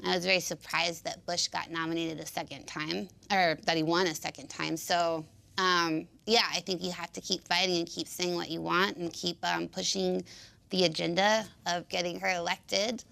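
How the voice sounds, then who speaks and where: Creaky-voiced woman guest, chatty. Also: lowish voice, level tone, bright, forceful tone. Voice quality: unique speaking voice. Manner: chatty, halting with fillers and restarts. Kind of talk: casual interview chat.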